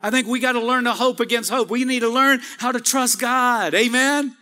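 A pastor with a high, bright voice preaches a sermon in a church sanctuary, keeping a steady tone at normal speed. He uses call-and-response and rises to shouts, and the recording has long hall reverb.

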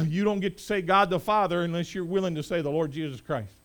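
A middle-aged man preaching a sermon as pastor, rising to loud proclamation and dropping to quiet conversational asides. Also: sits high, a little fast.

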